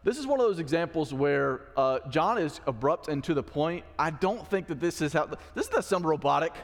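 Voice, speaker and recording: A man's voice: a little high, expressive, a little fast. A pastor giving a conversational sermon in church, acting out the quoted lines of the story he is teaching. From Mississippi. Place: church sanctuary. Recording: long church hall reverb.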